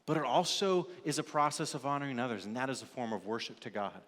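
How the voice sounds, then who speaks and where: A man's voice: medium pitch, fast talker, fairly bright tone, long reverb tail. A man preaching a sermon as lead pastor in a church sanctuary, telling stories and acting out the people in them. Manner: storytelling, acting out characters in an illustration.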